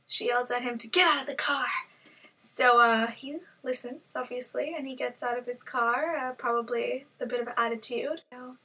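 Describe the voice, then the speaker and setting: Giggly young woman vlogger, bright voice. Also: on the high side, steady tone, moderate pace, husky, distant mic, rough recording. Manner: joking, giggly, playful. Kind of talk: casual chat.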